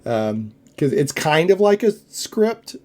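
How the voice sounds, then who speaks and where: Guy hosting a podcast, mellow low-toned voice, rambly and full of restarts. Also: big pitch swings, slow. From United States. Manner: rambling, many restarts and fillers. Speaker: podcast host. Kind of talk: casual chat.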